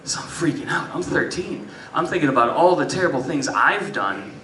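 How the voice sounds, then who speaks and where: Brief: man, stand-up comic telling a story, lively pitch, higher voice, crowd laughing, roomy distant live sound. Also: moderate pace. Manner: animated, swings between loud bursts and muttered asides. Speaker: stand-up comedian. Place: live music venue stage. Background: audience laughter.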